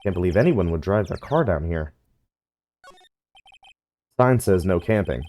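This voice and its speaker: A man reading a weary deadpan young lawyer. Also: low-pitched, unhurried, soft background music, voice pushed down. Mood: dry. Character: young male lawyer, dry and exasperated. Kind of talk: reading game dialogue aloud.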